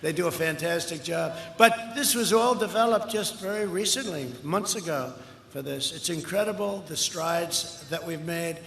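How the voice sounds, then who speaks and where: An older man giving a campaign rally speech outdoors, boastful and rambling, with punchy repetitions, heard through a loudspeaker. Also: on the high side, normal speed, creaky. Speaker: political candidate. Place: outdoor rally before a large crowd. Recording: echoey outdoor PA with crowd noise.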